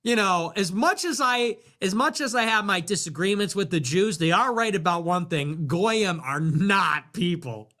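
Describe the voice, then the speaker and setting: A man hosting a livestream, rambling sarcastically, laughing often, swearing and dropping into low mutters. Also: animated, normal speed, few pauses, sharp tone. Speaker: livestream host. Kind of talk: casual livestream commentary.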